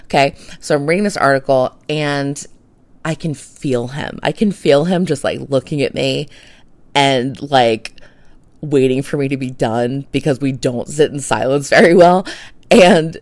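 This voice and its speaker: A woman's voice: extremely low pitch, measured pace, darkish tone, dry recording. A woman who works as a realtor tells a funny story on her podcast in a chatty, rambling way, full of fillers and laughter. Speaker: podcast host. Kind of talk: casual storytelling monologue.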